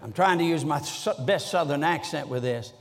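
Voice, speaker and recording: A man preaching a sermon, telling stories with sudden shouts and slow, drawn-out phrases. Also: a little high, creaky. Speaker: guest preacher. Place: large church sanctuary. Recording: echoey church hall.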